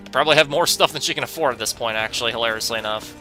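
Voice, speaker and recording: A man's voice: medium pitch, racing, sharp tone, soft background music. A man hosting a gaming video, giving rambling, wry commentary with jokey asides as he plays. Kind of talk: casual let's-play commentary.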